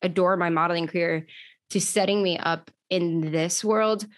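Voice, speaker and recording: A young woman from New York talks through her story in a loose, chatty way, full of "like" fillers. Her voice sits a bit low for a woman. The sound is dry and close to the mic, with no room around it. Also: fairly even intonation, moderate pace, dry recording. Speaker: podcast host and guest. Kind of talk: casual storytelling interview.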